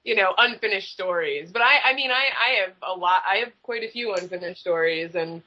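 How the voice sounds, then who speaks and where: A woman's voice: medium pitch, a little fast, sharp tone. A woman, a guest author, chatting casually and animatedly on a podcast, swearing freely. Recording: slightly muffled recording.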